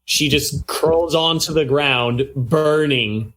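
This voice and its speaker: Slow, measured male game master. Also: fairly high pitch, a bit bright. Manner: measured, descriptive narration with rules talk. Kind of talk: narrating a tabletop game.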